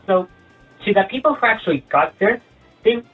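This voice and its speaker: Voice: mid-range voice, expressive, a little fast, husky. Rambling sarcastic comedy youtuber. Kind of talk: comedic monologue. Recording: tinny lo-fi sound with faint music.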